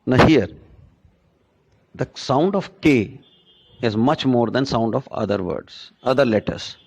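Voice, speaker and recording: A man giving a classroom lesson on pronunciation, deliberate and repetitive, often checking in with "right?". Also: mid-range voice, animated, creaky. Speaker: English teacher.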